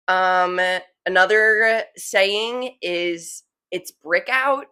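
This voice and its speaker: A young woman from New Jersey talks casually to her viewers, filling her sentences with "like" and laughing easily. She sounds relaxed and conversational, in her twenties. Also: medium pitch, unhurried. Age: 20s. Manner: chatty, fillers of "like", laughs easily. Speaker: vlogger. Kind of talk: casual chat to camera.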